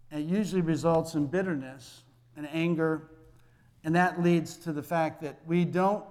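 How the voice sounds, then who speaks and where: A man's voice: sits high, a little mellow. Man preaching in a reverberant church. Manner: conversational preaching with acted-out dialogue. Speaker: pastor. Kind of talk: sermon.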